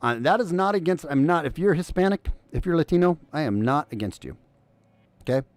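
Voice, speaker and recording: Animated sarcastic male stream host. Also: on the high side, fairly quick, no echo. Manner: sarcastic, animated, swings between loud and muttered asides. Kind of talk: casual news commentary stream.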